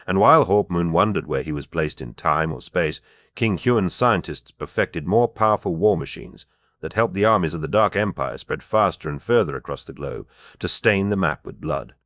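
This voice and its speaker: A man with a low, deep voice narrates a fantasy audiobook at a measured, even pace. He reads steadily, with a close, dry sound and no room echo. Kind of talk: scripted narration.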